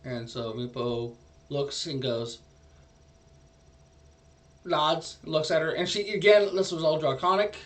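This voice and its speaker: A man's voice: fairly high pitch, slow pace, long pauses, far from the mic. A man narrating a tabletop game as dungeon master, rambling and hesitant.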